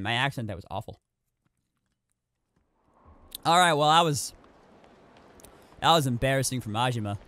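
A man's voice: medium pitch, bright, forceful tone, slight background noise. A man giving casual commentary while streaming a video game, rambling and often restarting his sentences. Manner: rambling, self-correcting with many restarts.

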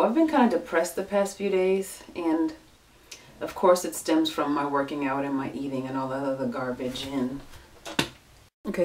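A young woman chatting casually into her home camera, scattered and self-mocking, swinging from loud bursts to low mutters. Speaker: vlogger. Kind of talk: casual vlog chat.

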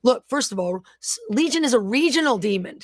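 A woman's voice: on the high side, lively intonation, fairly quick, dry recording, studio quality. A woman minister leading a live-streamed prayer and Bible teaching, declaring prayers with fervent command and reading viewer comments aloud. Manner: reads viewer comments aloud between remarks.

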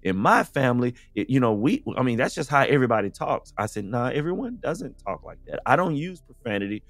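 A man's voice: medium pitch, very animated, fairly quick, no room sound. A man from the United States, a podcast guest, speaking in a casual, earnest conversational way and often saying "you know".

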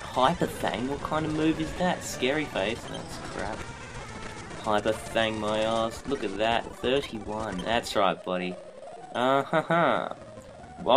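A young man, giving excitable, joking commentary while playing a video game. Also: medium pitch. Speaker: let's play host. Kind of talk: gameplay commentary.

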